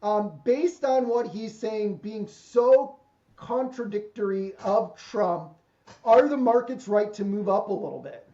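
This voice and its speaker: A man's voice: high-pitched, a little slow, dark tone. A man hosting a podcast over a video call, chatting and joking about deals and markets. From Ohio, USA. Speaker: podcast host. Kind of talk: casual business chat. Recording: slightly dull lo-fi call audio.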